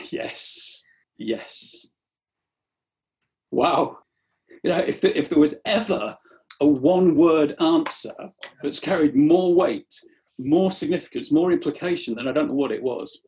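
Earnest, slightly high-voiced male preacher. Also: darkish tone. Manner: earnest, repeats the first words of phrases. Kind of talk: sermon.

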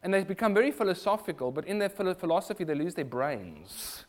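A man with a South African accent preaching a sermon in an animated, rhetorical way. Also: high-pitched, fast talker, hardly any pauses. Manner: animated, rhetorical, mimics other voices in quotes.

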